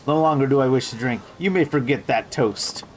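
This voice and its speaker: A man voicing an eccentric, pompous woman singer in a video game, speaking in inverted word order and dropping in stray French words. He reads her lines slowly and a little lower than his own voice. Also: slight background noise, lightly acted. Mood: haughty.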